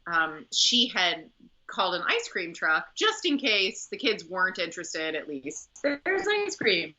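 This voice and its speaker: A woman's voice: lowish voice, sing-song, unhurried, sharp tone. A woman opera singer and company director telling stories in a conversational interview, chatty, with many fillers and restarts. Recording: muffled lo-fi audio.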